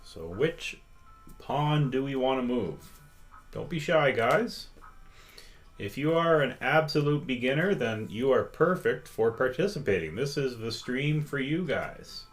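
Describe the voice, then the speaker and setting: A man's voice: mid-range voice, expressive, soft background music. A man teaching chess on a live stream, patiently reading out viewers' votes and inviting them to join in. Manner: slow, patient, reads out chat votes. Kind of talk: interactive live-stream lesson.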